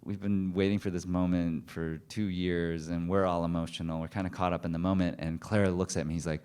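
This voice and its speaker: A man with a very deep, smooth voice talks on a festival panel. He tells behind-the-scenes anecdotes with animated energy and laughs as he acts out other people's lines. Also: a little fast, hardly any pauses. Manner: animated anecdotes, laughing while acting out quotes. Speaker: film director on a panel. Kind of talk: panel storytelling.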